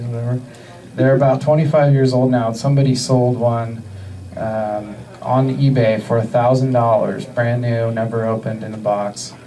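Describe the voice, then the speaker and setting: Deadpan man doing stand-up from afar. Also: medium pitch, far from the mic, low-quality recording. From US Northwest. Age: 30s. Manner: deadpan, halting delivery with many fillers. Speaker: stand-up comedian. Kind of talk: stand-up comedy set. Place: comedy club stage.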